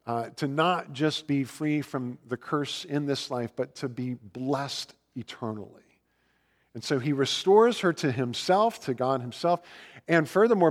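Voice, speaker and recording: Man preaching in a reverberant hall. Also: mid-range voice. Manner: conversational, animated storytelling with filler words. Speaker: pastor. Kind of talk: sermon.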